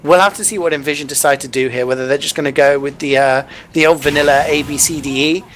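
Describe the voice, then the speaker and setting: A male esports caster giving relaxed, analytical color commentary with casual asides and jokes. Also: on the high side, fast talker, slight background noise. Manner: chatty, jokey, lots of "you know".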